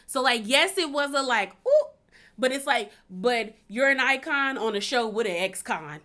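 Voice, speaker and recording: A woman's voice: on the high side, lively intonation, moderate pace, sharp tone. A young woman casually recapping a reality show, chatty and laughing often, with plenty of filler words. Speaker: recap vlogger.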